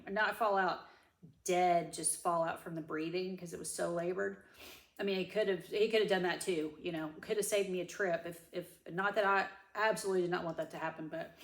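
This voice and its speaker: A woman's voice: on the low side, gravelly, roomy sound. A woman, crying as she gives a rambling personal update to her viewers. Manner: rambling, self-correcting, Southern "y'all". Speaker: vlogger. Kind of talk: tearful personal update to camera.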